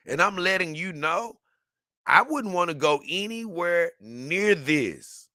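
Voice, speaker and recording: A man giving casual, animated reaction commentary, exclaiming and laughing as he talks. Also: high-pitched, unhurried, no echo, clean studio sound. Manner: animated, exclaiming and laughing, dips into mock voices. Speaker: video reactor.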